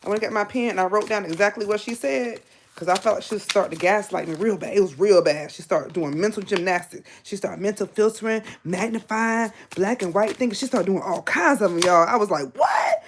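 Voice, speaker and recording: A woman in her thirties giving a live tarot reading, talking bluntly in casual, animated bursts with laughing asides. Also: mid-range voice, brisk, slight background noise. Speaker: tarot reader and therapist.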